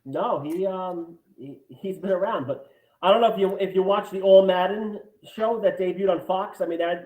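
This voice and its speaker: High, lively man in an echoey room. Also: moderate pace. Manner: lively, chatty, eager to chime in. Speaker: podcast co-host. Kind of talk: casual chat.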